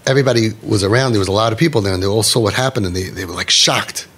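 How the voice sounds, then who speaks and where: A man's voice: fairly low pitch, racing, fairly bright tone, slightly rough. Earnest man giving a parenting talk. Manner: earnest, emphatic, repeats key phrases. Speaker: parenting coach speaking to parents. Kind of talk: inspirational talk with storytelling.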